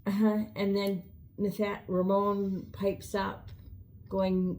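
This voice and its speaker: A woman's voice: mid-range voice, little pitch movement, takes it slowly, darkish tone. A middle-aged woman co-hosting a shop's weekly show, chatting casually and telling stories with frequent laughter. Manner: chatty storyteller, laughs often. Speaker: co-host. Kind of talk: casual chat.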